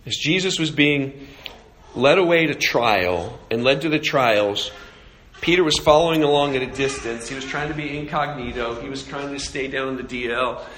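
A man's voice: mid-range voice, moderate pace, a bit bright, slight background noise. A man preaching a sermon, telling a story with animation and asking rhetorical questions. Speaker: pastor.

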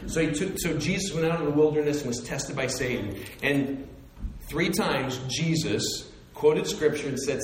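A man preaching a sermon in an animated storytelling way, swinging between loud and hushed, recorded from a distance in a large hall. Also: a little high, measured pace, long pauses, slight background noise. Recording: echoey hall, distant mic.

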